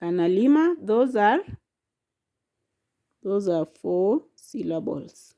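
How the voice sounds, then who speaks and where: A woman's voice: medium pitch, big pitch swings, slow, mellow. A woman teaching a language lesson, saying each word and syllable carefully and repeating it. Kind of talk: slow instructional lesson.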